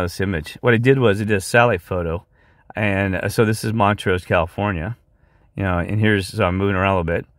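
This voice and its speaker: A tired video creator rambles through an impassioned monologue with screen share, often drifting off track between topics. His mid-pitched, fairly bright voice is captured close on a dry mic with no room sound.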